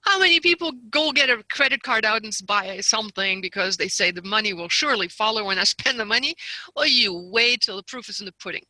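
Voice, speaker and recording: A woman guest telling a personal story with lots of animation, slipping into quoted voices and laughing as she goes. Her tone is piercingly bright, and the recording is completely dry, with no room sound at all. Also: mid-range voice, brisk, no echo, poor audio. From lives near Seattle. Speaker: guest author and seminar leader. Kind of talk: storytelling in a conversation.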